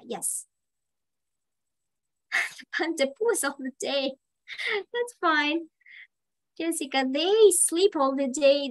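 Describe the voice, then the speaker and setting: A woman teaching an online lesson to children, slowly praising and encouraging their answers. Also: high-pitched, low-quality recording. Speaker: English teacher for kids. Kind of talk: online kids' English lesson.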